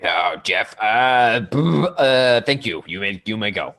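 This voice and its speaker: A performer voicing Batman, who questions party guests in slow, growled lines during an improvised murder-mystery comedy. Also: mid-range voice, expressive, fairly bright tone. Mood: gruff. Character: gruff deep-voiced Batman questioning guests.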